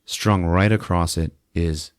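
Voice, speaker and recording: A man hosting a podcast who recaps a movie in casual, animated speech, swearing and acting out the scenes. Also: low-pitched, slow pace, smooth, dry recording, studio quality. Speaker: podcast host. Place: podcast studio.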